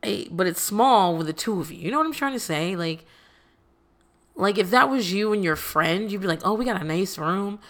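A woman's voice: mid-range voice, expressive, moderate pace. A woman recapping a reality dating show in casual commentary, sarcastic and profane, with exasperated asides.

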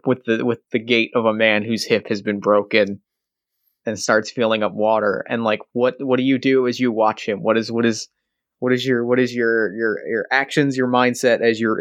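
A man serving as game master, narrating an improvised scene in a halting, rambling way. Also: on the low side, steady tone, dry recording, clean studio sound.

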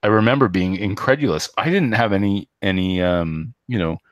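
A man with a deep, low voice talks hockey in a casual, wandering way, stopping and restarting his thoughts with plenty of fillers. When he reads numbers he speeds into a flat run. The sound is dry and close. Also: moderate pace, no echo. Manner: rambling, hesitant, many fillers and restarts. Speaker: podcast co-host.

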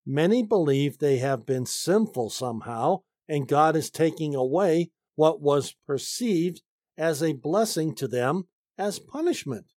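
A man teaching the Bible, reading commentary aloud and explaining it slowly, stressing key phrases. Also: on the high side, animated, darkish tone, no echo, clean studio sound. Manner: slow, deliberate reading with emphatic stresses.

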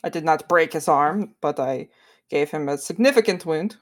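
A woman plays a stern woman warrior in a tabletop game who wields a spear. Her voice sits fairly low, and her speech is formal and measured, with no contractions. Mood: recalling.

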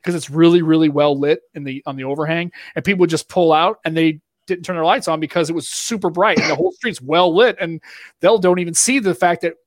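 A man's voice: fairly high pitch, brisk, no room sound, studio quality. A man with a Boston accent, co-hosting a podcast in casual chat, ranting with lots of restarts. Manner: animated, ranting, rambling with restarts. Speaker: podcast co-host.

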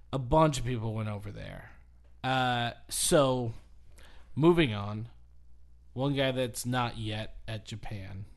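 A man's voice: mid-range voice, creaky. Chatty man rambling through a story. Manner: rambling storyteller, restarts, laughs often. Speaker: podcast co-host. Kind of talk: casual wrestling story chat.

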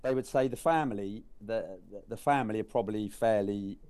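A man chatting about a film, halting and restarting his words. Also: on the low side, a little mellow, dry recording. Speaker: film reviewer. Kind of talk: casual chat.

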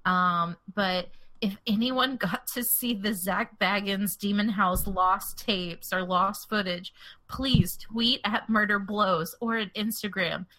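A woman's voice: medium pitch, fairly even intonation, slow, sharp tone. A woman co-hosting a podcast in casual chat, giggly and full of "like". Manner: chatty, giggly, lots of "like". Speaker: podcast co-host.

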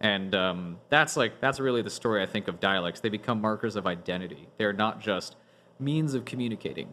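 A man's voice: lowish voice, lively intonation, a little fast, bright, forceful tone, slight background noise. A man hosting a casual podcast discussion, explaining at length with frequent restarts and "like" fillers. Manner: rambling, many restarts and "like" fillers. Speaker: podcast host.

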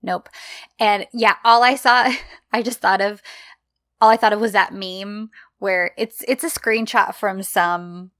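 Woman co-host, casual recap talk, mid pitch, dry close mic. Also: fairly even intonation, measured pace, a bit bright, no room sound. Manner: retells scenes by quoting characters. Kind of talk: casual chat recapping a show.

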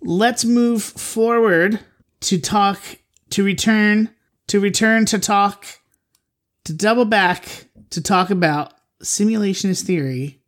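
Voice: medium pitch, slow. A podcast host chatting casually and jokingly with a co-host, often rambling and correcting themself mid-sentence. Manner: playful, jokey, rambling with self-corrections. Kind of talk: casual comedic podcast chat.

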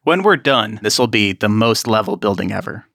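A man's voice: fairly low pitch, lively intonation, moderate pace, creaky, bright, forceful tone, no room sound, studio quality. A man narrating as game master of a tabletop game, describing scenes with apologetic asides.

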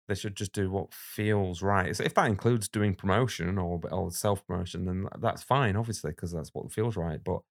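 A man speaking as a guest illustrator in a casual podcast conversation, outspoken and blunt, getting animated when something riles him. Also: sits low, vocal fry.

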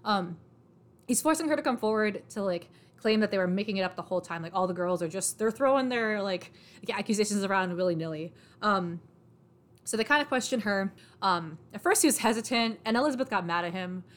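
A woman's voice: medium pitch, expressive, fairly quick. A woman casually recapping a story in a chatty way, full of fillers like "like" and "um" and frequent laughs. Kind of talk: casual plot summary.

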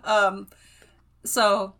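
A woman's voice: mid-range voice, level tone, drawn-out words, fairly bright tone. A woman from California, co-hosting a podcast, recapping a book in casual chat and laughing often. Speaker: podcast co-host.

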